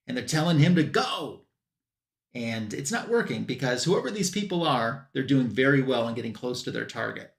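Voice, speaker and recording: A man on a comic book show giving a casual plot recap and quoting characters in quick bursts. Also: medium pitch, lively intonation, creaky, roomy sound. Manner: retells scenes with quick quoted voices for characters.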